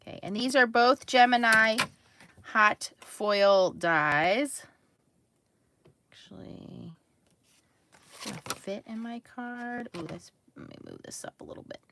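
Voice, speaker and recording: Hosting a card-making livestream, a woman chats casually, greets viewers by name, and laughs often. Her voice is a little high with vocal fry, and she talks slowly with long pauses. There's noise in the background.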